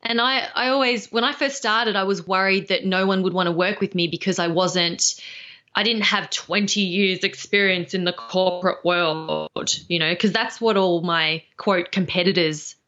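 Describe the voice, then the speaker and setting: A woman's voice: lowish voice, steady tone, pushed and bright. A woman speaking trainer, a guest on a podcast, talking confidently and emphatically in a casual interview. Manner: confident, emphatic, quick to laugh. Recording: dull, lo-fi sound.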